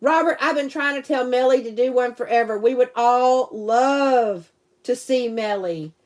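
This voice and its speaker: A woman with a drawl talks casually to her live stream viewers. Her voice sits a little high, and she rambles and giggles her way through stories and replies to chat. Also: a little slow, a little mellow. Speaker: livestream host and teacher.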